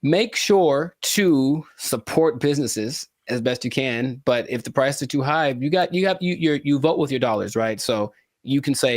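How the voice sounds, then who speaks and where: Brief: young male co-host, mid-pitched, playful and theatrical, dry close sound. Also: animated, normal speed, hardly any pauses, no echo. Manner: jokey, mock-dramatic asides. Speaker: podcast co-host. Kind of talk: casual chat.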